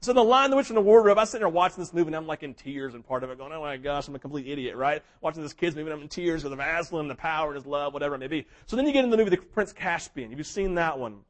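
A man preaching a sermon in a fairly high voice. He tells his story with animation, rising to loud, excited peaks and dropping to quiet, hushed moments, and briefly acts out the characters as he goes. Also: rapid-fire, few pauses. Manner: mimics characters in quoted asides. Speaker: pastor.

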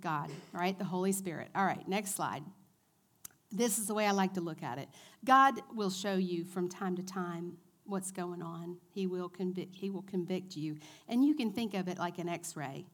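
A woman in her forties giving a church teaching talk to a women's group, chatty and animated, asking her audience questions. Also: lowish voice, moderate pace. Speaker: women's ministry speaker.

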